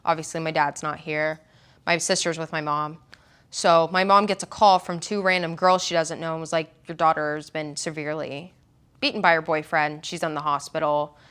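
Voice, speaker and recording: A woman's voice: sits low, fairly even intonation, normal speed, fairly bright tone, smooth. A young woman from Oklahoma telling her story in an interview, rambling and full of "like" and quoted dialogue.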